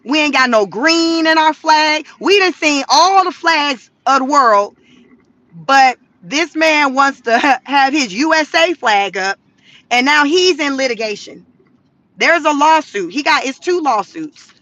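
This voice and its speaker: A woman from the Southern US with a Southern accent, chatting to viewers in an animated, slangy commentary. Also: high-pitched, a little slow, no echo. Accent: Southern American. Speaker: commentary vlogger.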